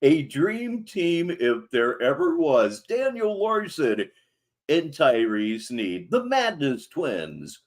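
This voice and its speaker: A man hosting a commentary show, mocking the clips in a sardonic, drawn-out way. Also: on the high side, wildly swooping pitch. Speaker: commentary channel host.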